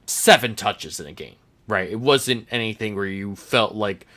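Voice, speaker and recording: A man with a bright, forceful voice hosts a relaxed sports podcast. He rambles through his thoughts in a chatty way and laughs easily. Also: on the low side, moderate pace. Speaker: podcast host. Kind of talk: casual sports chat.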